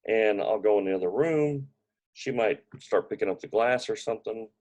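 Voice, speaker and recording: A man's voice: fairly low pitch, moderate pace, darkish tone. A man coaching people on brain injury recovery, talking loosely with many fillers and restarts and telling stories from his own life. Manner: tells personal stories to make his point. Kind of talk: casual spoken advice talk.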